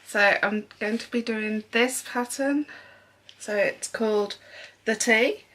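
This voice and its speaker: A young woman talks through her sewing haul in an easy, meandering way, scattering ums as she goes. Her voice is bright and clear, and she takes her time, speaking at an unhurried pace. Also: on the high side. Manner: chatty and rambling with frequent ums. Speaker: sewing vlogger. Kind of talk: casual haul vlog chat.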